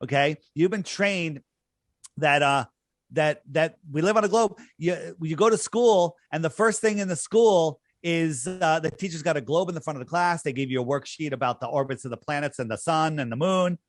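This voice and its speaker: A man's voice: on the high side, normal speed, no echo, studio quality. Emphatic scornful man, podcast guest. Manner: emphatic, scornful, repeats phrases for effect. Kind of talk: conversational podcast argument.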